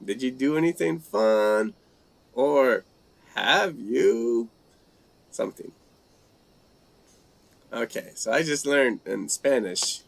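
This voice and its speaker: A man with a mid-range, sing-song, creaky voice hosts a relaxed live language-learning chat. He reads viewer comments aloud and haltingly tries out phrases in several languages.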